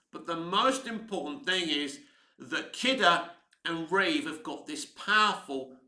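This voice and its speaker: A man's voice: on the high side, pushed and bright, echoey room. A man, talking casually and enthusiastically about films in a rambling way. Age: 50s. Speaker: film commentator. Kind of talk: casual film commentary.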